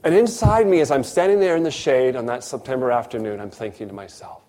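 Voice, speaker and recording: A man's voice: medium pitch, fast talker, warm tone. A man delivers a sermon in a mid-range voice, weaving a personal story into his preaching. He acts out the voices in the dialogue with animation.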